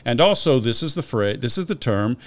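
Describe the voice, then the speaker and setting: Lively-voiced man explaining scripture. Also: medium pitch, fairly quick. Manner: scholarly, explanatory, with frequent restarts and citations. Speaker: Bible scholar discussing scripture. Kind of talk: conversational podcast discussion.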